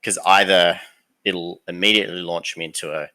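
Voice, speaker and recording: Australian co-host, very low and bright, relaxed storyteller on a hobby stream. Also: male voice, moderate pace. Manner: laid-back storytelling, laughs often. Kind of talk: casual chat during a live hobby painting stream.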